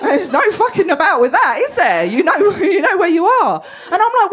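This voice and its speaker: A woman's voice: very high voice, sing-song, fairly quick, a bit bright. A woman doing a stand-up set on a club stage, blunt and sweary, often laughing as she talks. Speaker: stand-up comedian.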